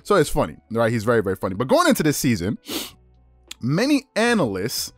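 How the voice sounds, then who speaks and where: A man hosting a sports talk show in a quick, chatty flow, often restarting his phrases. His mid-range voice sounds dry and close to the mic. Faint music plays underneath. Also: mid-range voice, huge pitch swings, dry recording. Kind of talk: casual sports commentary monologue.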